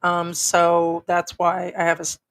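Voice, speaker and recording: Sick american lady, raspy throat, kinda low voice, just chatting on her livestream with lots of ums. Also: completely flat delivery, a little slow. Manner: rambling, frank, with many ums. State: sick, hoarse. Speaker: livestream host. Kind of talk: casual livestream chat.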